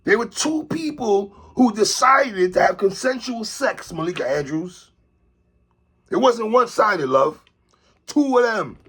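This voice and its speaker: A man delivering an animated opinion commentary monologue, calling out a TV host and repeatedly tacking on "sister, respectfully.". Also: sits high, measured pace, slightly rough. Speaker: commentary vlogger.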